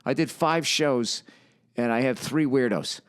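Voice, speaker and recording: A man's voice: mid-range voice, unhurried, clear, resonant tone. A man in his fifties hosting a podcast, telling a story in a profane, sardonic, ranting monologue. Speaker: podcast host.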